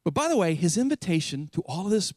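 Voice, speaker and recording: A man preaching an animated, emphatic sermon as a pastor, paraphrasing scripture in a lively voice. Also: sits high, fast talker, no room sound, studio quality.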